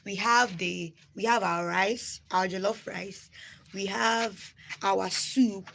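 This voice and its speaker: A young Nigerian woman who speaks Igbo natively runs a casual phone live-stream lesson, saying and spelling each word repeatedly while encouraging viewers to jot them down. Her mid-range voice is slow, creaky, and a bit bright with fairly even intonation, and the rough recording has a slight hiss or hum.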